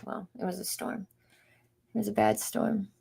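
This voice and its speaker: A woman's voice: medium pitch, level tone, normal speed, gravelly, a little mellow, slightly rough. A woman hosting a casual livestream from home, chatting, greeting viewers by name and laughing often. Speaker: livestream host.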